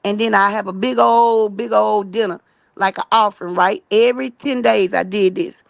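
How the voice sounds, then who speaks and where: A woman giving a rambling, earnest religious testimony, talking fast and emphatic and keeping listeners in with "right?" and "y'all". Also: mid-range voice, fairly even intonation, vocal fry, no echo. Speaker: guest telling her story.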